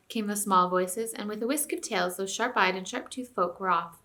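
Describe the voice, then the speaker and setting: Woman teacher, read-aloud storytelling for class, bright crisp tone. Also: medium pitch, moderate pace, hardly any pauses. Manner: clear storytelling. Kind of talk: reading a novel aloud to a class.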